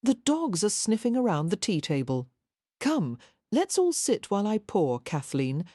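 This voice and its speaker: A woman voicing a gentle, tactful young Victorian lady in an audiobook, speaking softly and soothingly. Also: medium pitch, sing-song, unhurried, no echo, clean studio sound, pitched above the performer's own voice.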